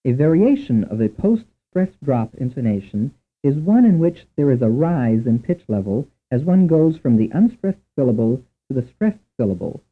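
A man narrating a language lesson in a measured, lecturing way. His voice moves animatedly up and down as he sets out each drill. The recording is thin and phone-like. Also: mid-range voice, very animated. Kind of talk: scripted instructional narration. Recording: tinny narrow-band recording.

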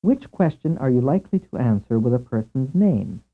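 A man narrating a scripted language lesson in a measured way, asking questions and then giving the answers. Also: medium pitch, sing-song, breathy edge, faint music behind. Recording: tinny lo-fi tape over a narrow band.

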